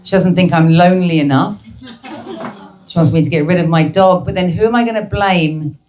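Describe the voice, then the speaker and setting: A woman's voice: on the low side, a little fast, darkish tone, a little hiss or hum. A woman performing a brash, crude stand-up comedy set, teasing the crowd at a live show.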